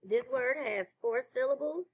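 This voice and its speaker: A woman teacher leading a slow phonics lesson for children, praising answers. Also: high voice, darkish tone, low-quality recording. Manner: slow, clear classroom delivery with praise.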